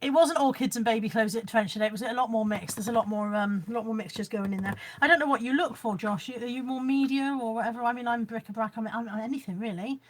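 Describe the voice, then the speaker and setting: Chatty woman, higher voice. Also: fast, hardly any pauses. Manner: chatty, reads out viewer comments. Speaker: vlogger. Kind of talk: casual live-stream haul chat. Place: room at home.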